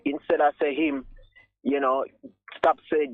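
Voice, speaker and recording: A man's voice: fairly high pitch, little pitch movement, a little slow, dry recording. A man with a Jamaican accent calling into a radio show, speaking earnestly and emphatically in a mix of patois and English. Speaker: caller. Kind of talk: casual talk radio call. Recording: tinny phone line.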